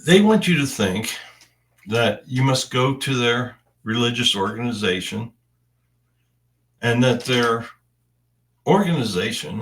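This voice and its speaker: A man delivering a spiritual message in the first person, in deliberate, halting phrases with long pauses. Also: mid-range voice, vocal fry, a bit bright, recorded from a distance.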